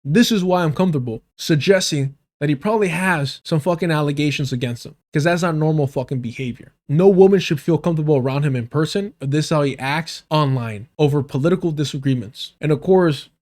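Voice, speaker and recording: A man's voice: fairly high pitch, a little fast, hardly any pauses, darkish tone. A man from the United States giving heated, profane, sarcastic commentary on a political debate during a livestream.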